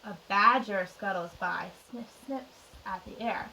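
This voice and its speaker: A woman teacher reading a picture book aloud to young children, expressive and chatty with little asides. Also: medium pitch, a little slow, hardly any pauses, a little hiss or hum. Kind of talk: children's storytime read-aloud. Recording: distant mic.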